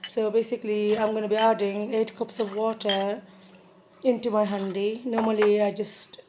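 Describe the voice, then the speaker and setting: A woman hosting a casual home cooking tutorial with a croaky voice from a sore throat, chatty and repeating herself with many ums. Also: medium pitch, little pitch movement, moderate pace, noisy background. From Bangladesh.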